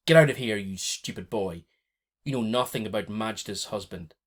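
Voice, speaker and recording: Rasping, grim old grandmother who scolds , voiced by a male reader; storybook reading. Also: fairly low pitch, normal speed, natural voice. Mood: scolding. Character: stern old grandmother, harsh and bossy.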